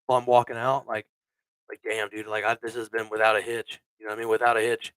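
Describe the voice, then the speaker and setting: A man hosts a casual podcast, telling crude stories with lively energy and plenty of swearing. His voice sounds bright and forward. The sound is close and dry. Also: on the low side, fast, clear, resonant tone, no room sound, rough recording. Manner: crude, animated storyteller who swears a lot. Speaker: podcast host. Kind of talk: casual storytelling chat.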